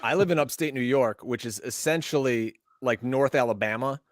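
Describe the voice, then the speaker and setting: Man, podcast host, mid-pitched, upbeat, chatty, dry close recording. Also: normal speed, no room sound. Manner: upbeat, chatty, promo-style plugs. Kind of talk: lively show hosting, casual banter.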